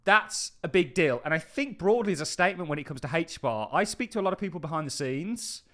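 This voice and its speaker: A man's voice: fairly high pitch, animated, brisk, a bit bright. A man hosting a crypto channel, giving casual market commentary in an enthusiastic, emphatic way with frequent offhand asides.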